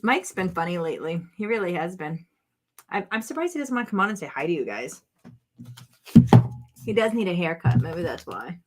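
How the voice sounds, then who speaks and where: A woman's voice: on the low side, very animated, a little fast, long pauses, background noise. Chatty woman crafting vlog host. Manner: chatty, rambling, talks to viewers and her dog. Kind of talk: casual chat while crafting.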